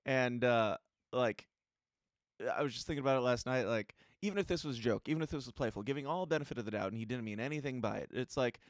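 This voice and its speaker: A male podcast co-host in casual news commentary, blunt, exasperated and emphatic. His voice is mid-pitched for a man. The sound is dry and close-miked. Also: quick pace, no room sound.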